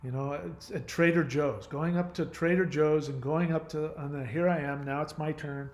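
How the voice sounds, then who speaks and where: A man's voice: fairly high pitch, steady tone, moderate pace. A middle-aged man from the United States talking in a casual monologue, rambling, blunt and profane, often hedging that he doesn't know. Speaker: host.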